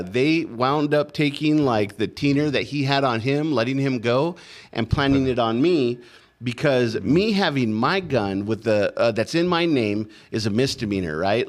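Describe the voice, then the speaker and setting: Profane, rambling man telling his story. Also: mid-range voice. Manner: profane, rambling, full of "like" and "right?". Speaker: podcast guest. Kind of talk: casual storytelling.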